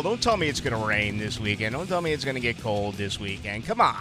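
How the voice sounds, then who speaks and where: A man's voice: lowish voice, big pitch swings, fast talker, over music. A middle-aged man from Boston, a radio talk show host, rambling through a casual monologue with emphatic asides and stuttered restarts.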